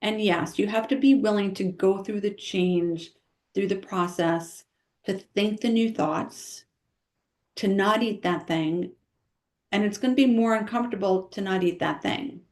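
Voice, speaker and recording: An emphatic woman nutritionist talking in a podcast interview. She speaks quickly and with conviction, and she punctuates her points with "right?" as she goes. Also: medium pitch, a little mellow. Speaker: nutritionist guest.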